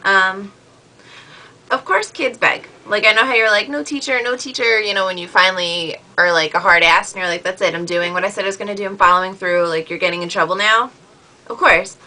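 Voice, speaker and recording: Young woman, casual vlog reply to a friend, chatty and animated, bright tone. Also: medium pitch, a little fast, poor audio. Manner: chatty, filler-heavy, animated retellings. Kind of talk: casual video message.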